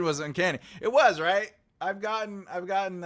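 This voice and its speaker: This man's voice is high and a bit bright, moving at a normal speed with hardly any pauses. As the host and teacher of a live writing class, he jokes and chats loosely with viewers, rambles through plenty of filler sounds, and reads out chat comments to respond to them.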